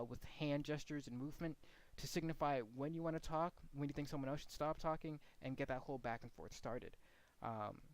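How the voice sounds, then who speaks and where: A man's voice: on the high side, dry recording. A man giving frank, casual feedback to two commentators as their coach, walking them through examples. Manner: frank, blunt, demonstrates commentary inflection.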